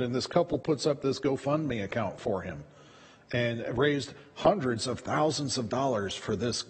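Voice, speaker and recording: Conversational pastor preaching in a reverberant church. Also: male voice, on the high side, breathy edge. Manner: conversational, repeats words while preaching. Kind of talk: sermon. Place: church sanctuary.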